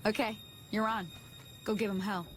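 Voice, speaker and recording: A woman's voice: medium pitch, fairly even intonation, normal speed, loud music behind the voice, close to an everyday voice. A woman voicing a folksy, easygoing frontier woman in a game who teaches a newcomer to shoot. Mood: friendly. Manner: drawling, down-to-earth, easygoing. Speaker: game character, ranch hand guide.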